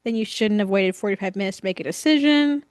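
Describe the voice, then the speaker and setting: A woman's voice: medium pitch, fast talker, no echo, clean studio sound. A woman co-hosting a casual podcast chat, ranting bluntly and in exasperation, with swearing. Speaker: podcast co-host.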